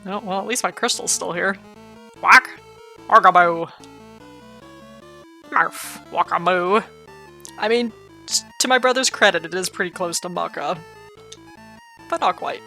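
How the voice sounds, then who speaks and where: A woman's voice: mid-range voice, a little fast, vocal fry, a bit bright, faint music behind. A woman casually commenting as she plays a video game, joking and chatting in a playful way. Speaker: let's play host.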